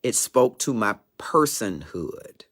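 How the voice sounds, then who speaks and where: A man's voice: fairly low pitch, sing-song, slow pace, a bit bright. A middle-aged man hosting a talk show, giving an emphatic, preachy and digressive motivational monologue.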